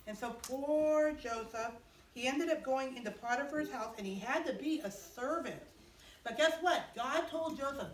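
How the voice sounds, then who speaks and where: A woman chapel teacher telling a Bible story to children, animated and asking them questions along the way. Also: high-pitched, moderate pace, a little hiss or hum. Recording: echoey room from far off.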